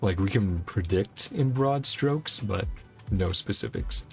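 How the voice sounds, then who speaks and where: A man streams a video game, rambling casually through his gameplay commentary and chuckling often in a relaxed way. His voice is fairly low and slow, with vocal fry, and soft music plays in the background.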